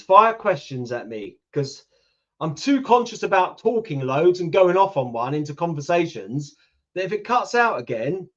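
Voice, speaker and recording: A man in his fifties with a British accent, chatting casually with viewers on a livestream and answering their comments. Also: on the high side. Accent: British English. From United Kingdom. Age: 50s. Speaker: YouTube channel host. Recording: lo-fi livestream audio.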